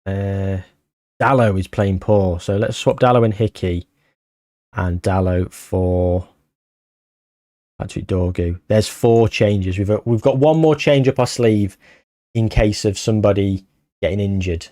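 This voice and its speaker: A man's voice: on the low side, measured pace, no room sound, studio quality. Anxious man commentating his own game. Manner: anxious, breathless, bursts into excited shouts. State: out of breath. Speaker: gaming YouTuber.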